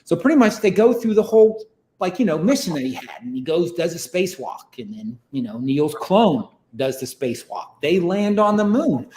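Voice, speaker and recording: Pria bersuara agak tinggi, bercerita santai. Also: male voice, a little high, sing-song, normal speed, warm tone, echoey room. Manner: rambling, many fillers like "like" and "you know". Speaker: podcast guest. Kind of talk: casual storytelling.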